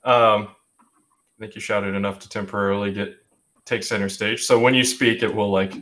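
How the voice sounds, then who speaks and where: A young man hosts a casual online group discussion over a video call, speaking reflectively with plenty of restarts, ums and "you know." His voice is on the low side and a bit bright, with a level tone at normal speed.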